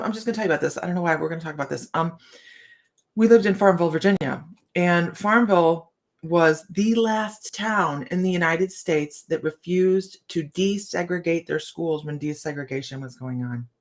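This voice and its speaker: A psychic who hosts a casual morning livestream chats with her viewers in a lowish, expressive voice at normal speed. She laughs a lot and keeps restarting her sentences, with frequent stammers.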